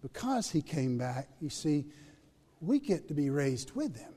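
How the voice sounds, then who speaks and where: A man preaching a sermon in a church, rising to loud emphatic peaks and dropping to hushed asides. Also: fairly high pitch, expressive, a little slow, breathy edge, in a large hall. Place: church building during a worship service.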